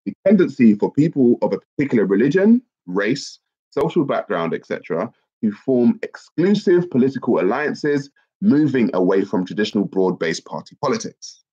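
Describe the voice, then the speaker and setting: With a cold clogging his nose, a livestream host reads out viewer comments in an upbeat, talkative manner. His husky voice sits at medium pitch and moves at a moderate pace, captured in dull, lo-fi stream audio.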